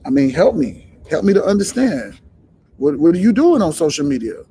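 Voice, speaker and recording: A man's voice: on the high side, sing-song, moderate pace, noisy background. A man hosting a live stream, talking bluntly and profanely, firing rhetorical questions. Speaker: livestream host. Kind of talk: blunt motivational live talk.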